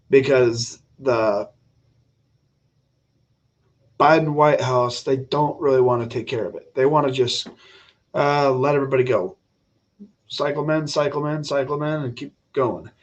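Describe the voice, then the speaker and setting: A man's voice: medium pitch, lo-fi sound. A man hosting a casual political livestream, talking bluntly and opinionated, rambling with frequent restarts. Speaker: livestream host.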